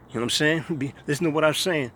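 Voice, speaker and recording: A man's voice: a little high, fast talker, a bit bright, slight background noise. A man, delivering a scornful, repetitive monologue to camera. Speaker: vlogger.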